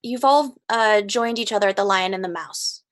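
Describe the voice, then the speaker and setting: A woman narrating as game master of a tabletop game, relaxed and hesitant, with many fillers. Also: medium pitch, normal speed.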